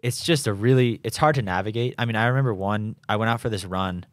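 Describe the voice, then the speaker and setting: A young man with a lowish voice tells his stories in a loose, rambling way, with lots of restarts and fillers. The sound is close and dry, with no room around it. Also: fast talker, dry recording. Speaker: professional triathlete guest. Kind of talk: casual conversational interview. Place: home in Boulder.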